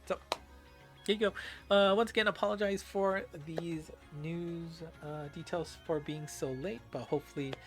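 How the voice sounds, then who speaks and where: A man's voice: a little high, fairly even intonation, moderate pace, fairly bright tone. A man hosting a casual game news recap, chatty with many filler words, over faint background music.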